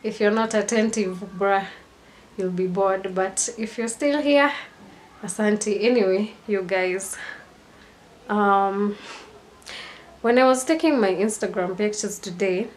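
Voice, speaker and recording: A woman's voice: mid-range voice, takes it slowly, pauses often, a little hiss or hum. A young woman, chatting casually in a rambling storytime vlog. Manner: chatty and rambling, mixing in Swahili slang. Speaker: vlogger.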